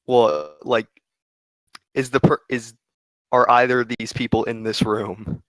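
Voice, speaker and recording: A man playing a tabletop game, calmly stating his character's moves and questions. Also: mid-range voice, measured pace, dry recording, low-quality recording. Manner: matter-of-fact. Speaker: player. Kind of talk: casual tabletop play.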